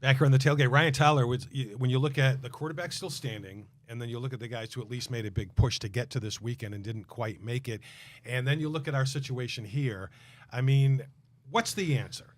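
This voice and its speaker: A man hosting a live football talk panel, animated and exasperated, laughing often. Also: medium pitch, brisk, slight background noise. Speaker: sports talk show host.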